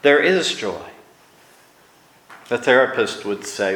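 A man preaching a sermon, teaching in a slow and deliberate way with emphatic pauses. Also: mid-range voice, a bit bright, reverberant, rough recording.

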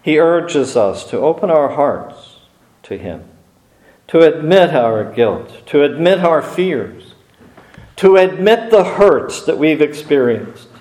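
Man, preacher, slow unhurried delivery, earnest sermon, echoey church room. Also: fairly high pitch, expressive, darkish tone. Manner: earnest, measured, with small restarts and pauses.

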